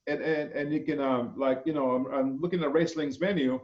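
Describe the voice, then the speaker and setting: A man teaching an online culinary class, reviewing student menus with a halting delivery and many fillers. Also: a little high, fairly even intonation. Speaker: culinary instructor. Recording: echoey, dull lo-fi video call audio.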